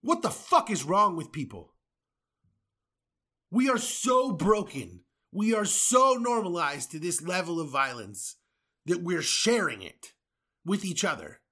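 A man's voice: high-pitched, big pitch swings, unhurried, bright, forceful tone. A man from the United States, a podcast host, delivering an angry, profane political rant with sarcastic asides.

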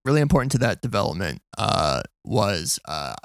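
A man's voice: fairly low pitch, very animated, normal speed, vocal fry, a bit bright, no room sound. A man co-hosting a casual podcast chat, speaking reflectively with many hesitations. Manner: hesitant, full of ums and uhs, reflective. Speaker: podcast co-host.

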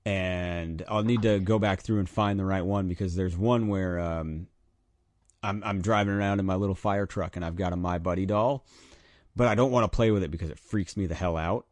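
A man telling a childhood story in casual chat, animated, with loud high bursts when he acts out his younger self. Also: normal speed, no room sound, clean studio sound.

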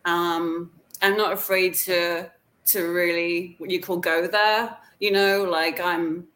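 A British woman with a somewhat low voice talks casually as an interview guest. She chats freely, often stopping to restart a sentence and filling pauses with "like" and "um". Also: little pitch movement, a bit bright. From England. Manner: chatty, many "like" and "um" fillers, frequent restarts. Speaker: actor and acting coach, guest.

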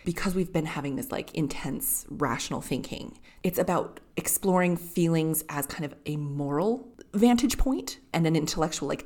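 A woman's voice: low voice, mellow. A woman co-hosting a podcast, chatting casually about a novel with lots of filler words. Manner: chatty, many fillers like "kind of" and "like". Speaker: podcast co-host. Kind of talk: casual literary podcast chat.

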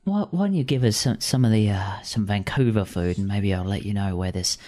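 A man's voice: on the low side, brisk, dark tone, voice pushed down, natural voice. A man voicing an infamous knife-wielding male crow with a Cockney accent, teasing and sly.

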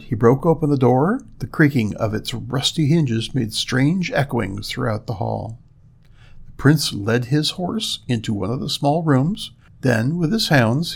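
A man narrating a fairy tale in a measured, steady reading. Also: medium pitch, gravelly. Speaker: storyteller.

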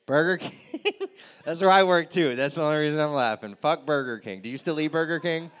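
A man's voice: on the high side, brisk, a bit bright. A young man doing a loose, crude stand-up set and chatting with the crowd. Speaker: stand-up comedian.

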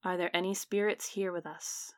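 A woman's voice: lowish voice, flat delivery, normal speed, close to an everyday voice. A woman voicing a pompous male spirit medium who solemnly intones to the spirits at a séance. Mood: hushed. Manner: grandly intoning, calling on spirits.

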